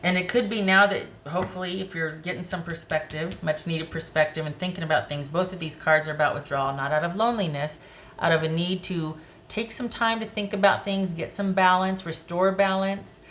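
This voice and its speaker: A woman with a low-pitched voice reads tarot cards casually to camera. She is blunt and animated and speaks straight to the viewer. A faint hiss sits under the recording. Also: fairly quick. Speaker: tarot reader.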